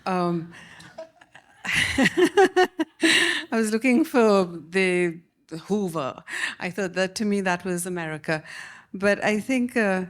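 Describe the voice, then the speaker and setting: Woman telling a quick funny story. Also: mid-range voice, lively intonation. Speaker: author panelist. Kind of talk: anecdotal storytelling. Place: library event hall.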